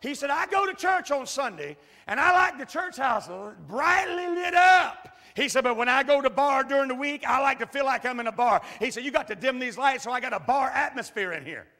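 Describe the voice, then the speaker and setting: A man preaching a sermon and telling a folksy story, dropping to quiet asides and rising to shouted preaching. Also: very high voice, expressive, brisk, hardly any pauses. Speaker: pastor. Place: large church hall. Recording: echoey church hall.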